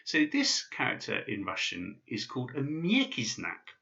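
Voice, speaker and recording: A man's voice: mid-range voice, wildly swooping pitch, a little slow, creaky, sharp tone, muffled recording. A man teaching basic pronunciation in a casual video lesson, with many fillers and restarts. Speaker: language teacher.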